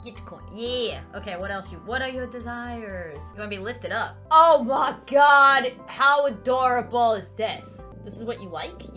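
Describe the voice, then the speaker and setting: A woman's voice: fairly high pitch, pushed and bright. A young woman doing let's play commentary, chatting animatedly and cooing in baby talk at a virtual kitten. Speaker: gaming YouTuber.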